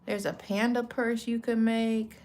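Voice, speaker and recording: A woman's voice: a little high, unhurried. A woman hosting a casual craft vlog, chatting in a loose, rambling way and correcting herself mid-sentence. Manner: relaxed slang-filled talk. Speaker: craft vlogger. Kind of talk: casual chatty product walkthrough.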